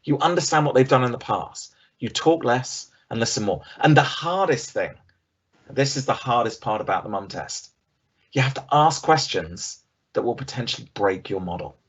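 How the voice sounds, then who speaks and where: Husky, lively middle-aged man presenting. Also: medium pitch, moderate pace. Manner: lively, conversational, acts out quoted voices. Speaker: business workshop presenter. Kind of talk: online presentation. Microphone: video call.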